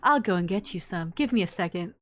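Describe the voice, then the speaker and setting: A woman voicing a cool, perceptive woman researcher in a video game, speaking politely and calmly. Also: on the low side, a little fast.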